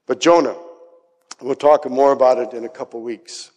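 A male pastor preaching a dramatic sermon, acting out the voices he quotes and dropping to soft asides. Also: mid-range voice, fairly even intonation, moderate pace. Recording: long hall reverb.

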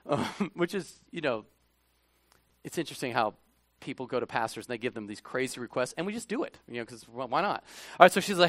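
Male pastor, fairly high voice, dry close sound; preaches conversationally, drops to near-whispers then bursts out loud. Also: fairly quick, no room sound. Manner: animated, swings from hushed asides to loud emphatic bursts. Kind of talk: conversational sermon.

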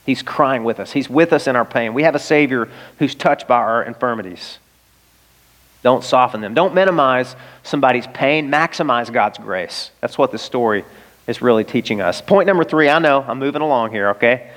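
An earnest pastor preaches a sermon in a large, reverberant hall, his medium-pitched, fairly bright voice moving at a normal speed. He speaks emphatically and poses rhetorical questions, and the hall's long reverb trails after his words.

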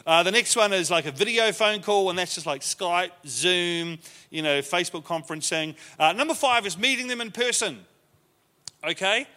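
Bright-voiced man teaching in a reverberant hall. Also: sits high, normal speed. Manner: conversational, often acting out quoted lines. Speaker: leadership class teacher. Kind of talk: teaching a class to a live group.

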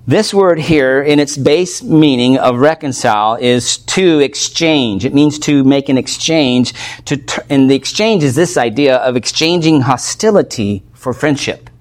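Male pastor teaching a Bible passage, mid-pitched voice, conversational, builds toward fervor. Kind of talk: expository sermon.

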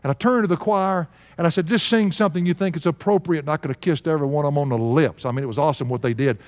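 A man's voice: fairly high pitch, rapid-fire, a little mellow. A man in his sixties preaching a sermon, telling a story and chuckling now and then with earnest emphasis. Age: 60s. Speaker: pastor. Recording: long hall reverb.

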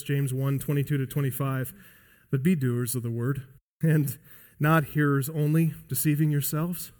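A male pastor preaching a sermon emphatically, swinging between loud high emphasis and quiet low drops. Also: big-room sound. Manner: emphatic preaching with wide swings in pitch and loudness. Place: church sanctuary.

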